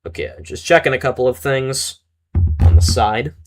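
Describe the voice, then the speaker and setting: A man's voice: mid-range voice, normal speed, soft background music. A young man giving casual, rambling commentary while playing a strategy game and reading chat aloud. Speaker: gaming streamer.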